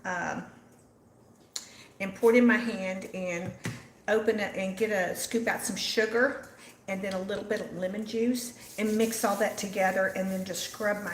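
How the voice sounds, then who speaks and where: An older woman with an easy Texan Southern drawl chats unhurriedly with her livestream viewers while she cooks. Her voice rings in a roomy home kitchen over a faint background hum. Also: mid-range voice. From Texas. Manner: chatty, reads out and answers live viewer comments. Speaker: host. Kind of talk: casual livestream cooking chat.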